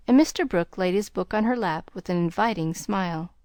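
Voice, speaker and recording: A woman reading a classic novel aloud as an audiobook, in a calm, measured narrating voice. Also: medium pitch, no room sound, clean studio sound. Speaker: audiobook reader.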